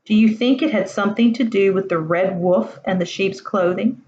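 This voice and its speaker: A woman's voice: mid-range voice, moderate pace, darkish tone, slight background noise, natural voice. A woman reading the part of a thoughtful, curious Roman schoolboy. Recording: roomy, dull lo-fi home recording.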